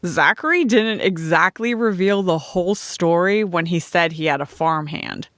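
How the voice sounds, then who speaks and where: A woman voicing a brisk, teasing, practical friend who loves sharing news. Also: on the low side, fairly bright tone, no room sound, studio quality, lightly acted.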